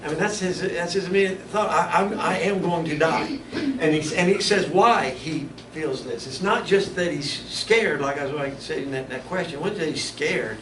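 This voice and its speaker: A man's voice: fairly high pitch, moderate pace, few pauses, distant mic. A man teaching a Bible study in a conversational way, often stopping and restarting his sentences. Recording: echoey room, mic from afar, background noise.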